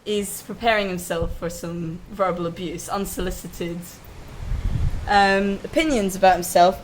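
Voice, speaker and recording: Slow, relaxed woman storyteller. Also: lowish voice, slight background noise, low-quality recording. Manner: relaxed, chatty asides. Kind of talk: live oral storytelling.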